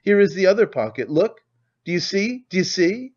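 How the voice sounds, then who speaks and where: A hysterical impoverished widow, shrill and frenzied, hurling accusations in an audiobook, played by a man reading. The voice jumps up high and loud. The recording is dull and lo-fi. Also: big pitch swings, moderate pace.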